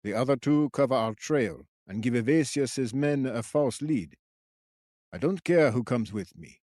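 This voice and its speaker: Brief: a man playing an odd old woodsman sentry, croaky and cracked, slow and chirpy, dry audiobook read. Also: medium pitch, expressive, a little mellow, no echo. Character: wiry old male forest sentry, odd and theatrical.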